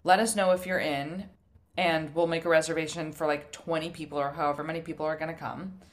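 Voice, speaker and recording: A young woman with a slightly low voice co-hosts a food podcast in easygoing chat. She tells animated stories, swears freely and laughs often. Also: fast talker. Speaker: podcast co-host. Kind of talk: casual chat.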